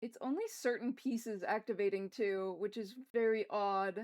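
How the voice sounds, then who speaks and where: A woman's voice: medium pitch, moderate pace, a little mellow. A young woman streaming live as she draws, muttering to herself in a frustrated, self-mocking way and swearing often. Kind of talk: casual live-stream chatter while drawing.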